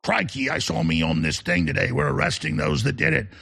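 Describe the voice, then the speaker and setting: A man putting on a mock Australian accent to play a pompous, whiny male leader, in a gravelly, husky voice. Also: mid-range voice, sing-song, a little fast, bright, forceful tone, dry recording, clean studio sound, pitched below the performer's own voice, full character voice. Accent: Australian, put on.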